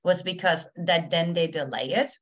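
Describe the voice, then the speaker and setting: A woman's voice: lowish voice, normal speed, a bit bright. A woman co-hosting a podcast, eagerly agreeing and explaining what she sees in her clients. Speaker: podcast co-host. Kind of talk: casual podcast conversation.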